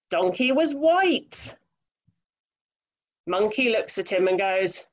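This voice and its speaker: A woman reading a children's story aloud over a video call, lively, expressive and chatty. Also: medium pitch, slow, pauses often.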